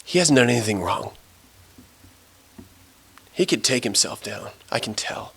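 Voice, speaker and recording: A man doing a thief on a cross, bright edgy voice, halting and repeating himself, remorseful. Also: medium pitch, sing-song, creaky, husky, exaggerated voice. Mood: pleading. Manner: sneering at first, then pleading and halting.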